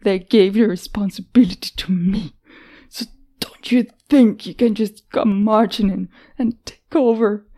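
A woman voicing a brave, guarded young woman who rescues people, sarcastic and quick with retorts. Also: medium pitch, a little mellow, lightly acted. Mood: tearful anger.

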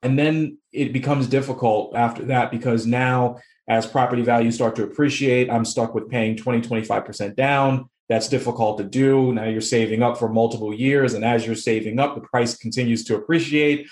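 A man from the Boston area, a real estate investor, talking as an interview guest in a relaxed, storytelling way. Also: mid-range voice, moderate pace, hardly any pauses, reverberant. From Boston area, United States. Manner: laughs easily, relaxed storytelling. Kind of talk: casual interview chat.

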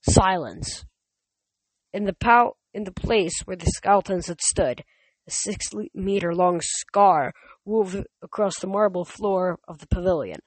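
A reader narrating a story in first person, steady, with small slips and restarts. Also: mid-range voice, measured pace, dry recording, rough recording. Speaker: audiobook reader.

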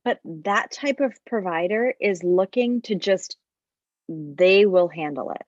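Woman, former labor nurse, casual podcast chat, husky, dry dull sound. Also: fairly low pitch, slow pace, dry recording. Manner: storytelling, restarts and repeats words, animated when quoting.

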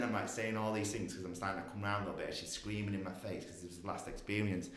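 A man with a lowish voice tells a story in an animated way, often swearing and acting out the voices of others. His voice is recorded on a podcast mic in a room that gives it a clear echo. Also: fast talker, few pauses. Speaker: guest. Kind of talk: casual storytelling. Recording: echoey room.

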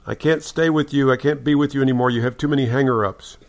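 A man co-hosting a podcast, trading puns in casual chat with a deadpan delivery. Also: medium pitch, quick pace. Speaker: podcast co-host. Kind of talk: casual pun-swapping chat.

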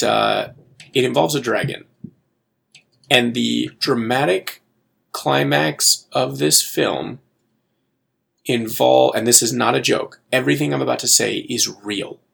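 A man's voice: medium pitch, gravelly, fairly bright tone, husky. A man co-hosting a podcast, giving a wry, exasperated movie review in casual chat. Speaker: podcast co-host.

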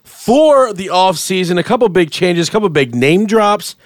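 A man hosts a casual podcast with friends, his voice pitched high and swinging widely as he jokes. He breaks into sudden shouts now and then. The recording is dry and close. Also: animated, moderate pace, no room sound. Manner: playful, jokey, bursts into shouts. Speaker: podcast host.

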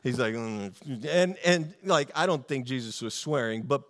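A man preaching a sermon in a casual, animated storytelling way, with many fillers and restarts. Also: medium pitch, moderate pace. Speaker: pastor.

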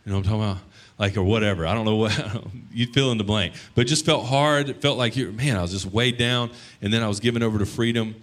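A man in his thirties, a pastor preaching a sermon, telling the story conversationally and breaking into sudden loud bursts. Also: on the low side, fast.

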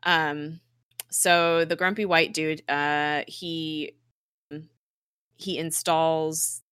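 A woman talks through a show's plot in a loose, chatty way, stopping often to laugh. Her voice is bright and a little low, recorded close and dry with no room sound. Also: little pitch movement, extremely slow, clean tone, no room sound. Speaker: podcast co-host recapping an episode. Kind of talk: casual episode recap.

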